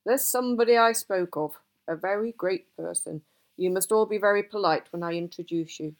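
A woman voicing an old male wizard who is gruff and easily cross, talking emphatically in a storybook reading. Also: medium pitch, moderate pace, close to an everyday voice. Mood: grave. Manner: emphatic, exasperated outbursts.

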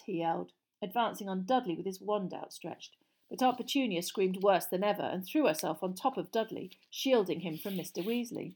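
A woman narrating a storybook audiobook in a steady, clear reading voice. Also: medium pitch, moderate pace.

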